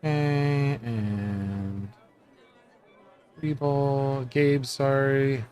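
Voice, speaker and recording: Halting man running a tabletop game. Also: medium pitch, steady tone, a little mellow, soft background music. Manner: loose and halting, many ums and restarts. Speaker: game master.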